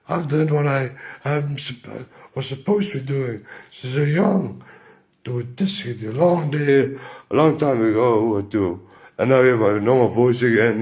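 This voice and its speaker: A man's voice: medium pitch, vocal fry, darkish tone. A man speaking a rambling spiritual monologue to the camera, repeating himself and questioning himself aloud. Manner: rambling, repetitive, self-questioning.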